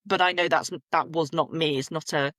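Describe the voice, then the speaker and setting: Woman on a podcast, chatty and animated, doing little voices for people, dry close mic. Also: deep voice, brisk, no echo. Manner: animated, acts out quoted voices, laughs at herself. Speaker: podcast guest, menstrual cycle coach. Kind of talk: candid conversational storytelling.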